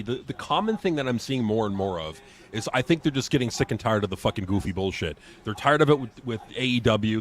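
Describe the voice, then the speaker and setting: A man co-hosting a live wrestling reaction, ranting bluntly with lots of swearing. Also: lowish voice. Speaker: co-host. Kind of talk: casual live reaction chat.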